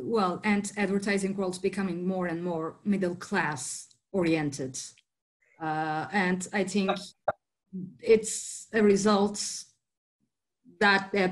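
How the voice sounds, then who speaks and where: A woman interviewing a guest in English, friendly and laughing often, with halting phrasing. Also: mid-range voice. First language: Turkish. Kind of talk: casual interview chat.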